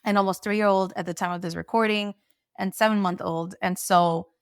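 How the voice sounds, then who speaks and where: A woman's voice: medium pitch, fairly even intonation, moderate pace, clean tone, dry recording, clean studio sound. A woman hosting a podcast, a mother who asks questions in a thoughtful, somewhat hesitant way. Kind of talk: casual podcast conversation.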